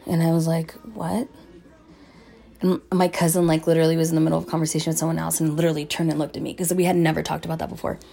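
A woman's voice: low-pitched, level tone, racing, gravelly, hardly any pauses, dark tone, faint music behind. A young woman vlogger telling a story to her viewers in a casual, rambling way, swearing often and filling gaps with "like" and "um". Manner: rambling, profane, lots of "like" and "um".

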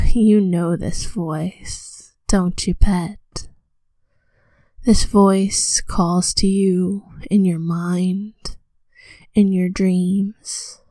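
A woman voicing a commanding female vampire in a slow, breathy whispered role-play. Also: medium pitch, darkish tone, no room sound. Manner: slow hypnotic countdown, commanding.

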